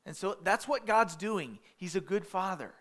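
A man's voice: high voice, expressive, normal speed, fairly bright tone. A man preaching a sermon in a conversational way, acting out quotes and often restarting his words, with asides about parenting toddlers. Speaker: pastor.

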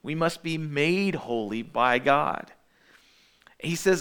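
A man's voice: on the high side, expressive, slow pace, a bit bright, smooth. Man preaching a Bible sermon. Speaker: pastor.

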